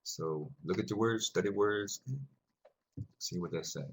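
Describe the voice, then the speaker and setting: A man's voice: on the low side, unhurried, vocal fry, slight background noise. A man teaching a language class, patiently explaining and repeating words for his students in a rambling way.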